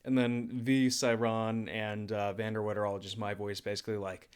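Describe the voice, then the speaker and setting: A young man in a casual livestream Q&A, chatting at an easy, laid-back pace. His delivery is loose and relaxed, with plenty of "uh"s as he works through questions. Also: fairly low pitch, moderate pace, clear, resonant tone. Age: young adult. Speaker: YouTuber and comic dubber.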